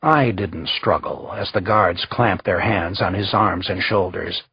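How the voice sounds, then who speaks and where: A man reading a historical thriller audiobook in a steady, measured narration. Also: sits low, breathy edge, dry recording, lo-fi sound. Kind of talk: scripted narration.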